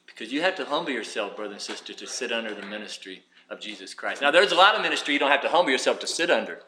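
A man preaching a sermon in an animated way, firing rhetorical questions and acting out what people say. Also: mid-range voice, racing, roomy sound, slight background noise.

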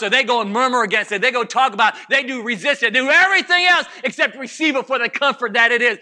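Middle-aged male preacher, very high and piercing voice, shouts then drops low, mimics his flock. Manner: swings from shouting to low intense murmurs; acts out congregation voices mockingly. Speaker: pastor. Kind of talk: fiery sermon.

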